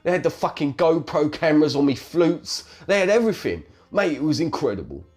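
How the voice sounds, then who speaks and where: Man as a cockney snake-charmer, crude, boastful, swinging pitch. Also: sing-song, a little fast, darkish tone, faint music behind. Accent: South London. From London, England. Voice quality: crude, laddish, swears constantly. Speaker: guest. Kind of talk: improvised comedy sketch.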